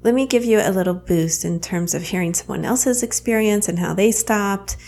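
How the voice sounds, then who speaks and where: A woman's voice: medium pitch, normal speed, darkish tone, soft background music. Chatty Southern woman podcast host. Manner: chatty, laughs easily. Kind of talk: casual podcast interview.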